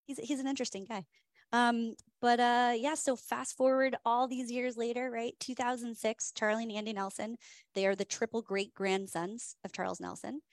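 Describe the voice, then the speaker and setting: A woman's voice: a little high, level tone, normal speed, no echo. Chatty woman hosting a whiskey tasting. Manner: chatty, many "um" fillers, enthusiastic. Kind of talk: casual storytelling presentation.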